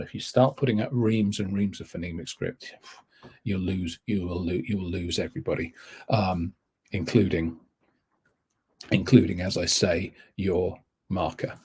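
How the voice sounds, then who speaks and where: A man lectures in a webinar for language-teacher trainees. His voice is deeply husky and breathy, sitting a little low. He rambles, restarts phrases and corrects himself as he goes. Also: fairly even intonation, unhurried, a little mellow. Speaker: TEFL course tutor.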